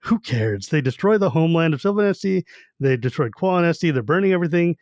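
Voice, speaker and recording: A man co-hosting a podcast, recapping a book in casual chat and acting out the characters in quick quoted bits. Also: on the high side, animated, darkish tone, no echo. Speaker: podcast co-host.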